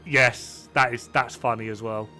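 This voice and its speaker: Chatty man with a bright voice. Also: mid-range voice, fairly even intonation, a little slow, soft background music. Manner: rambling, chatty, laughs often. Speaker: gaming streamer. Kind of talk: casual chat while gaming.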